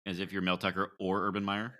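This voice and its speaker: A man's voice: deep voice, level tone, quick pace, pushed and bright. A man hosting a casual sports podcast, bantering loosely and laughing through his lines. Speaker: podcast host.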